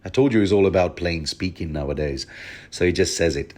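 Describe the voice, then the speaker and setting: A man with a fairly low voice hosting a podcast of book commentary. He talks in a loose, chatty way, cracking jokes and wandering into asides. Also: brisk, a little mellow. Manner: jokey, chatty, full of asides. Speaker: podcast host. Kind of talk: casual chapter commentary.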